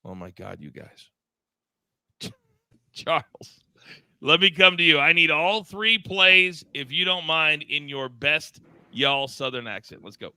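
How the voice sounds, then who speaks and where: A male host with a very bright, crisp voice runs a live betting show. He talks fast and upbeat and ribs his crew as he goes around the table. The sound is dry and close. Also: on the high side, no echo, rough recording. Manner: upbeat, quick and teasing, calling on each crew member.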